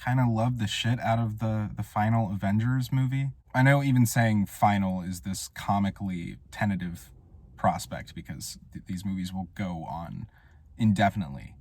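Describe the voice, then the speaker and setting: A man's voice: lowish voice, moderate pace, no room sound. Dry-voiced man, wry rambling reviewer. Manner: wry, rambling, deadpan joking. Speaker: film reviewer. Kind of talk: casual monologue review. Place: Portland area.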